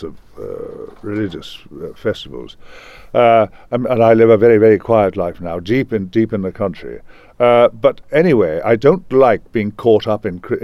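An older man from Liverpool speaks in a low, unhurried voice. He reminisces with halting restarts and a meandering flow, and the sound is dry with no room echo. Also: highs cut off. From Liverpool, England. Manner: rambling, halting, many restarts. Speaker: guest actor. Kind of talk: reminiscing interview.

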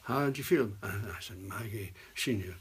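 An older man, an actor, telling rambling anecdotes in an interview and dropping into hushed asides. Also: on the low side, normal speed, slightly rough. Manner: rambling storyteller, drops to hushed whispers for asides. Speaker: actor guest.

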